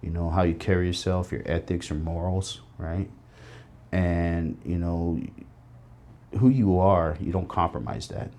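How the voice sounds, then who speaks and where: As an interview guest, a middle-aged man tells his life story in an earnest, reflective way, voicing quoted speech as he goes. His voice sits low and warm, with fairly even intonation and a measured pace, over slight background noise.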